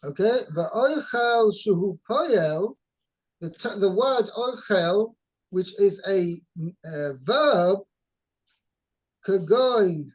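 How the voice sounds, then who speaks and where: A man's voice: sits high, expressive, drawn-out words, rough recording. A man teaching a text-study lesson, explaining word by word with many restarts. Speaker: Torah teacher.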